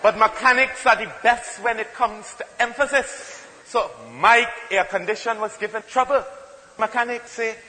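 A Trinidadian man on stage doing stand-up comedy, his voice very high and bright with a forceful edge. He tells stories with playful emphasis, and the sound rings with long hall reverb over faint background noise. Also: normal speed.

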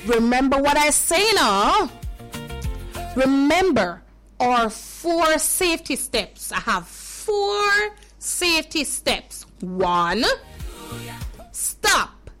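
High-voiced Jamaican woman radio host. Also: very animated, drawn-out words, a bit bright, faint music behind. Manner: caring, repetitive, addresses children fondly. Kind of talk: children's radio show.

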